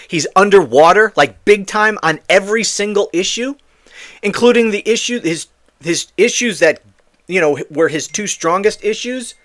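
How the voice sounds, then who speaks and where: A man's voice: sits high, fairly bright tone. A man hosting a political commentary show, ranting in a heated, exasperated and profane way.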